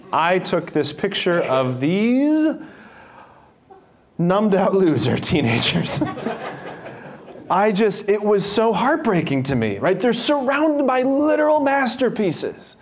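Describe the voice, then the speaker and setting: A young man giving an informal spiritual talk to a parish group, chatty, restarting sentences and laughing often. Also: high voice. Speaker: speaker at a parish faith program.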